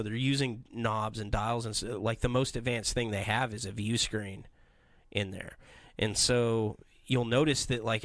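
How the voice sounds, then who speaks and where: A man hosting a podcast, telling stories in an animated, rambling way in a casual comedic chat. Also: medium pitch, dry recording. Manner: animated, rambling storytelling with voices. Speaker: podcast host.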